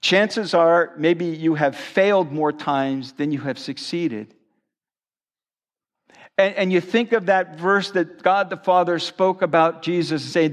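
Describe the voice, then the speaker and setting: A man's voice: fairly high pitch, takes it slowly. A male pastor preaching a sermon at a church service, conversational and earnest.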